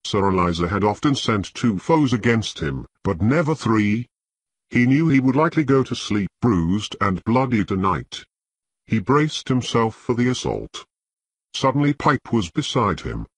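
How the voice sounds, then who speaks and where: A man reading an audiobook in measured, scripted narration with a husky voice. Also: fairly low pitch, very animated, dry recording.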